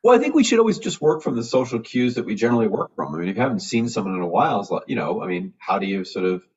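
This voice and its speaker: A physician guest in a casual, conversational interview speaks with a fairly low, racing voice, animatedly acting out the voices he quotes. The audio is dull, lo-fi video call sound picked up from a distance.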